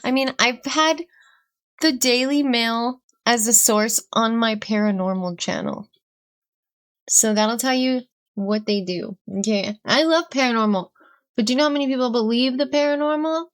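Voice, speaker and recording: A woman's voice: a little high, normal speed. A woman co-hosting a talk show in a casual, chatty way. She drifts into rambling asides and keeps her talk loose and conversational. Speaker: co-host. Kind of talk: casual chat.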